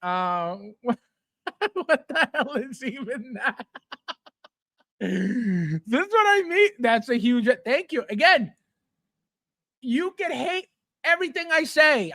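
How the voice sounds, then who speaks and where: A man's voice: high-pitched, a bit bright, no echo, studio quality. Blunt, scornful man ranting. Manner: repetitive, sarcastic jabs at viewers. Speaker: collectibles channel host. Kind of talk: ranting figure review.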